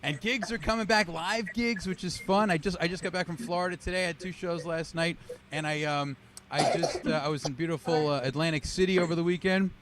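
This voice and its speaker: A male comedian works through a wisecracking, self-deprecating stand-up set, voice sitting fairly high. He performs over a video call. Steady noise runs under the audio. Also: a little fast. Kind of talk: stand-up routine.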